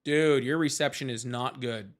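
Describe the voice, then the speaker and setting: A man's voice: medium pitch, moderate pace. A man hosting a live political chat stream, talking in a sarcastic, mocking, rambling way. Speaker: livestream host.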